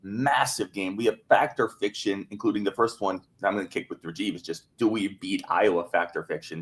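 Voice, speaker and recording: A man hosting a sports podcast, weighing up arguments in a measured, analytical way. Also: deep voice. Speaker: podcast host.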